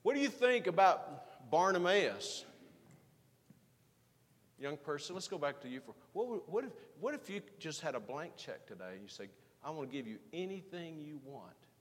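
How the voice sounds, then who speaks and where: A man preaching a sermon as pastor, swinging from emphatic rising lines to quiet, hushed asides. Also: fairly high pitch, sing-song, moderate pace, long reverb tail.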